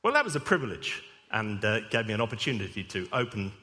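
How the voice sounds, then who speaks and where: Male vicar, bright animated delivery, humorous storyteller, long hall reverb. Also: lowish voice, fast talker. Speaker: vicar, preacher. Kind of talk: sermon with anecdote.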